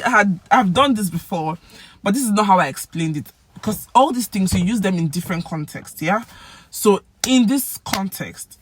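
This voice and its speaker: A woman with a Nigerian accent giving a casual language lesson, acting out example phrases with lively swings in pitch and loudness. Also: normal speed, husky. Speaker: language teacher.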